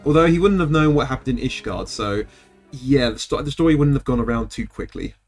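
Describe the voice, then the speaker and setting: Brief: a male streamer, rambling casual game commentary, fairly high and very lively, faint music underneath. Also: fast talker. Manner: animated and rambling, with restarts.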